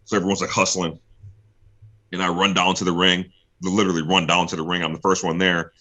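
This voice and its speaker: A man's voice: low-pitched, flat delivery, brisk, bright, forceful tone. A young man guesting on an interview show, telling a story casually, acting out what other people said and laughing often. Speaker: guest, pro wrestler.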